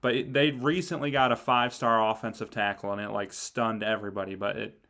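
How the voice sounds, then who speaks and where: A man co-hosting a sports talk show, speaking in a relaxed conversational way with frequent filler words. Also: lowish voice, a little fast. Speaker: sports podcast co-host.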